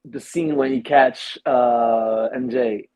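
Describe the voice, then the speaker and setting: A man talking casually about films as a guest, excitable and animated when retelling scenes, with a husky voice. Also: slow pace, crowd noise, poor audio. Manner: excitable, animated retelling with big pitch jumps. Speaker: guest, film reviewer. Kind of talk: casual chat.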